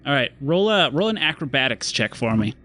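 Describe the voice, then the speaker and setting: A man's voice: medium pitch, sing-song, sharp tone. Man narrating as game master. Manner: descriptive, slows down for dramatic moments.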